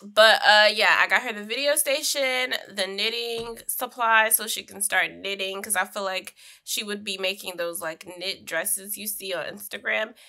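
Bright-voiced chatty young woman gaming. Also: medium pitch, normal speed, few pauses. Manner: chatty, laughs often, slangy asides. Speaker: gaming streamer. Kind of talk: casual Sims gameplay commentary.

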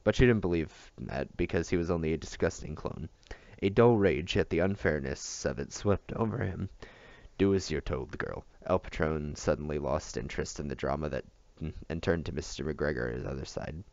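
Deep, gravelly man reading a novel. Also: a little fast, a little mellow, no room sound, lo-fi sound. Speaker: audiobook reader.

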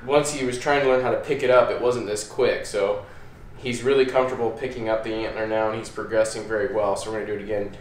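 A man talks in an easygoing, rambling way, slipping in fillers as he explains a simple method. His voice sits a little low. The room around him is echoey, with a faint hum of background noise. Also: fairly even intonation, fast talker, hardly any pauses. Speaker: dog trainer, channel host. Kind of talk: casual how-to explanation. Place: indoors at home by a hallway.

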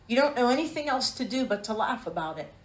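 Female Bible teacher, fairly high voice, heartfelt personal storytelling in a sermon, roomy echo. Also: animated, fast. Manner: personal storytelling, earnest and emotional. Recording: echoey room.

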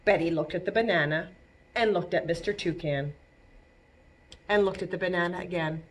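A woman librarian reading a picture book aloud for babies, in an animated, sing-song storytime manner, sometimes acting out a toddler's wails and screams. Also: lowish voice, moderate pace. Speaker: children's librarian.

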